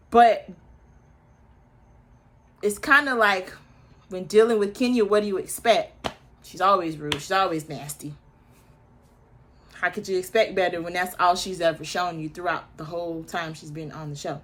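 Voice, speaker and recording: A woman's voice: lowish voice, moderate pace, long pauses, fairly bright tone. A woman in her early thirties hosting a casual recap, chatty and opinionated, with asides to her viewers. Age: early 30s. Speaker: reality TV recap host.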